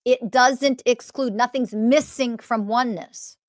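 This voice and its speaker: A woman's voice: fairly high pitch, measured pace, dry recording. Emphatic woman podcast host, dry sound. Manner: animated storytelling with emphatic swearing. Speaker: podcast host and spiritual teacher. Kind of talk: solo podcast monologue.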